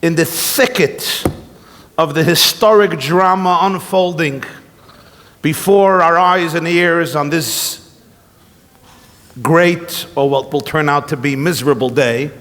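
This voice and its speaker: A man, a rabbi giving a humorous keynote speech at a gala, telling stories in an animated, joking way. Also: a little high, takes it slowly. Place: large event hall. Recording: long reverb from a large hall.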